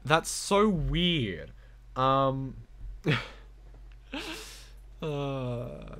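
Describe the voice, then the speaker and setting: A man streaming a game at an unhurried pace, rambling and joking to himself. He drops into soft, mumbled baby talk and then bursts out loud with excitement. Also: medium pitch. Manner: rambling, goofy, baby-talks to the game's wolf. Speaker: gameplay streamer. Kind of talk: casual gameplay commentary.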